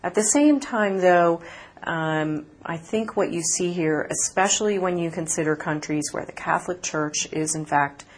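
A woman reporter answering interview questions in an articulate, measured way, with occasional fillers. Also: fairly low pitch, a little hiss or hum. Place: conference city, remote from host.

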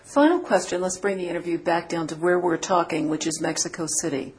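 A woman interviewer on the radio, asking direct, brisk questions. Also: on the low side, steady tone.

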